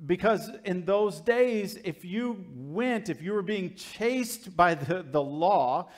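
A male pastor preaching a sermon and telling a story, acting out the crowd and characters in quick asides. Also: animated. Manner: swings from loud emphasis to quiet low asides.

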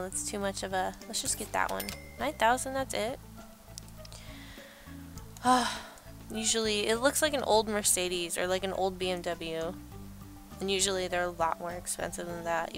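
A young woman giving casual, rambling let's-play commentary while she builds, chatting and laughing at herself. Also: mid-range voice. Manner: chatty, rambling, self-deprecating, laughs often.

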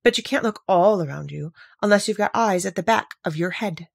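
A woman's voice: medium pitch, brisk, gravelly, husky, no room sound, studio quality. A woman reading a storybook aloud, voicing an old female sheep who keeps a shop and speaks bluntly and matter-of-factly.

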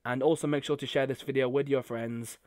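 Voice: medium pitch, steady tone, brisk, a little mellow, no echo, studio quality. A YouTuber talking casually to camera, gushing and effusive with thanks. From United Kingdom. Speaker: YouTuber opening fan mail. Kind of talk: casual vlog talk to camera.

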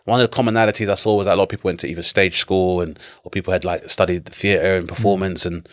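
A man's voice: deep voice, quick pace. A man in his forties with a London accent, a comedian telling stories in a casual interview, laughing often and swearing freely. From London, England. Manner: animated, laughing storyteller who swears often. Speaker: comedian guest.

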